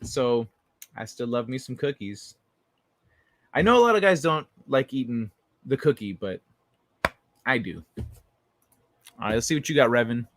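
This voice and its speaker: A man's voice: medium pitch, expressive, normal speed, pauses often. A young adult man hosting a late-night livestream, chatting casually and reading viewer messages, loose and profane, rambling with many restarts. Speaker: livestream host.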